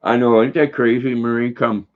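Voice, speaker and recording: A man's voice: mid-range voice, fairly even intonation, moderate pace. An older man, casually chatting on a livestream and reading out viewer comments in a folksy, rambling way. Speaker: livestream host. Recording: dull lo-fi recording.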